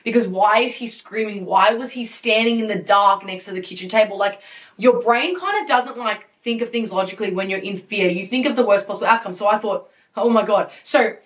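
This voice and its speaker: A young woman hosting a podcast, telling a story in a casual, animated way, with lots of fillers, swearing and laughter. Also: medium pitch, a little fast, far from the mic. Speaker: podcast host. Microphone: podcast mic.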